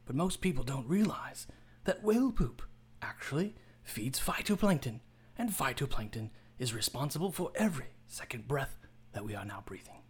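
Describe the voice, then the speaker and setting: A man doing an impression of an elderly wildlife documentary narrator, speaking in a hushed, reverent way with dramatic pauses. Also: medium pitch, sing-song, breathy edge. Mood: awed.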